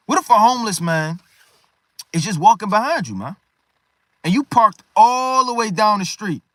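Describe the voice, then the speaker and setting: A man's voice: high voice, bright, forceful tone, no room sound. A man preaching a sermon in an emphatic, repetitive way, often tagging his phrases with "man".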